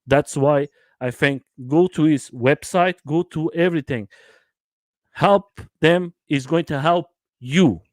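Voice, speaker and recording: A man's voice: on the high side, slow, no echo. Eager livestream host man, dry sound. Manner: enthusiastic, repeats himself, broken English. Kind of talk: casual livestream chat.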